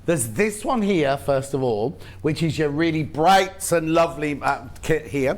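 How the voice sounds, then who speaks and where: A British man presenting on a live shopping channel, chatting eagerly and listing products. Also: a little high. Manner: chatty, quick asides, lists products eagerly. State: has hiccups. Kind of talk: live TV sales chat.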